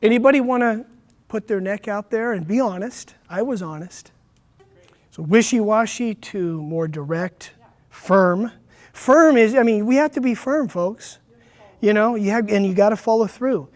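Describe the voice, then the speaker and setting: A man running a teacher training workshop, talking straight to his audience in a lively way. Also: sits high, unhurried. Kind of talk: workshop lecture.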